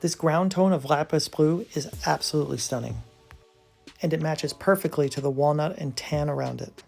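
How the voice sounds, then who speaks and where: A gravelly-voiced presenter narrates from a script at an ordinary mid pitch. The delivery is enthusiastic and admiring throughout. Soft background music plays faintly behind the voice. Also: moderate pace. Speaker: brand presenter.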